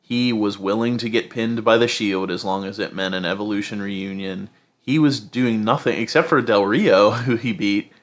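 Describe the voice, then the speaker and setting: A man's voice: lowish voice, moderate pace. A man co-hosting a casual podcast chat, giving long rambling opinions full of fillers like "you know". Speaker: podcast co-host.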